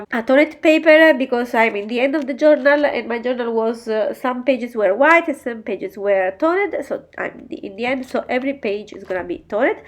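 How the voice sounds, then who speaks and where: A woman with a congested, nasal voice from a cold, talking casually through an art tutorial with many hesitant "uh" fillers. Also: fairly high pitch. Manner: halting, with frequent "uh" fillers. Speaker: art journal tutorial host. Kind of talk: casual narration over a crafting tutorial.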